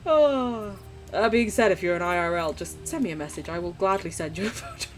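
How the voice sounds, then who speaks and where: A woman's voice: mid-range voice, sing-song, a little fast, faint music behind. Foul-mouthed, gushing woman streamer. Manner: swears freely, gushing and affectionate. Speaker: live streamer. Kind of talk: casual gaming stream chat.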